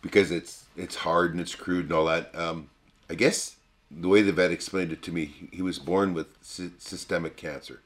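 An older man co-hosting a casual podcast, talking in a folksy, halting way with many restarts. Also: sits low, steady tone. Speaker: podcast co-host. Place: cabin.

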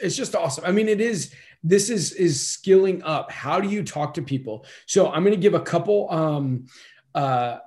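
High-voiced man coaching with emphasis. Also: darkish tone. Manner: emphatic, coaching, repeats for stress. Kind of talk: casual podcast chat.

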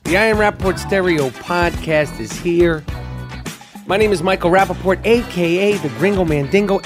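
A man with a notably high voice hosts his own show in a loose, brash monologue. He swears freely and rambles from one riff to the next, sounding hyped the whole time. Faint music sits quietly behind him. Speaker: podcast host. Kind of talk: casual solo podcast monologue.

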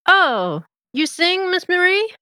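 A woman's voice: very high-pitched, sing-song, slow, bright, forceful tone, no echo, pitched above the performer's own voice, heavily acted. A woman voicing a bashful, awkward small-town male deputy who stammers eagerly.

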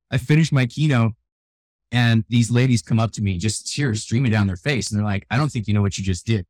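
An older man with gray hair, a youth keynote speaker, telling animated stories in a radio interview. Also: lowish voice, a little fast, no echo. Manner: energetic, animated storyteller who acts out quotes. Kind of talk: storytelling interview talk. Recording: dry close sound, radio show.

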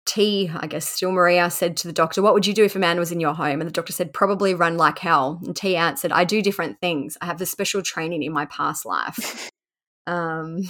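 A woman with a slightly low voice hosts a casual true-crime podcast. She reads court quotes aloud at a conversational pace and breaks in with offhand asides. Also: brisk, a bit bright. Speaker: podcast host.

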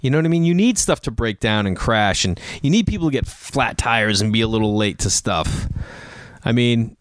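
A man's voice: mid-range voice, expressive, normal speed, no echo. Rambling jokey man on a podcast. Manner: rambling, jokey, acts out quotes in a raised voice. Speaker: podcast host. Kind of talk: casual solo podcast monologue.

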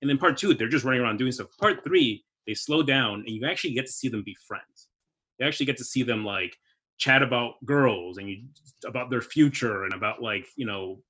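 A young man talking through movies in a relaxed podcast chat. His voice is husky and bright with an edge, and he gets animated and laughs easily. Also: mid-range voice, fairly quick. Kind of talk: casual movie discussion.

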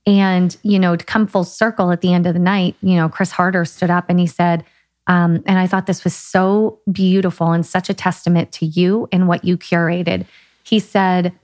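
A woman co-hosting a podcast, explaining ideas in a lively, casual way with quick runs of short sentences. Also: lowish voice, dry recording, clean studio sound. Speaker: podcast co-host. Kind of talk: casual chat.

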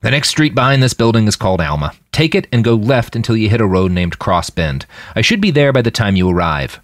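A man's voice: fairly low pitch, very animated, a little fast, fairly bright tone, dry recording. A man voicing a cold, commanding male fighter who gives curt orders. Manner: clipped and curt.

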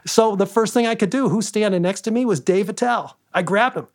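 A man who once managed a comedy club, telling animated backstage stories and acting out what people said. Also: high voice, a little fast. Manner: animated anecdotes, acting out quoted lines. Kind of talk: storytelling interview guest.

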